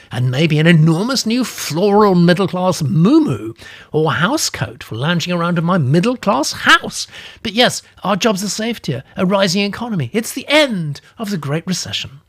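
A man's voice: high voice, big pitch swings, moderate pace, a bit bright, pitched above the performer's own voice, full character voice. A man voicing an idle, gin-soaked older woman office worker, prim and huffy, in a raised voice.

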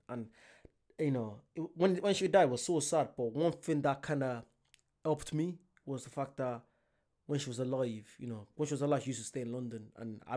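A man's voice: medium pitch, warm tone. A man hosting a reaction video, speaking earnestly and from the heart. His talk is loose and casual, with the restarts of unscripted commentary.

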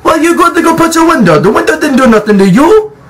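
A man's voice: extremely high pitch, very animated, quick pace, a bit bright. A man hosting a gaming channel, giving jokey, profane let's-play commentary and scolding the game's characters.

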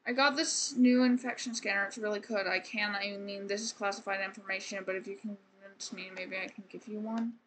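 A woman's voice: mid-range voice, steady tone, fairly quick, few pauses, fairly bright tone, slight background noise, pitched below the performer's own voice, natural voice, poor audio. A woman voicing a flustered military man. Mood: hushed. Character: flustered adult male military friend.

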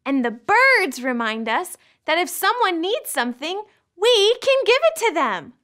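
A woman hosting a children's church lesson in an animated, playful way, with gasps and silly exclamations. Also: very high voice, unhurried. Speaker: children's ministry host.

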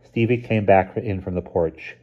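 A man reading a children's novel aloud in a calm, even narrating voice. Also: sits low, moderate pace, muffled recording. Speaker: reader. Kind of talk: storybook narration.

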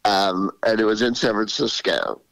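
A man in his sixties, a comedian guest telling animated stories in an interview and slipping into voices. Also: on the low side, normal speed, gravelly, no echo, poor audio. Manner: animated, drops into character voices. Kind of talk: storytelling interview.

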